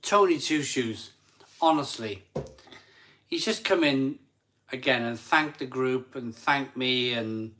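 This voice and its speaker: A man hosts a live stream in a relaxed, chatty way. He is a few beers in and worn out, so he talks slowly, rambles and repeats himself. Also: mid-range voice. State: tired. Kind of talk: casual live chat reading super chats.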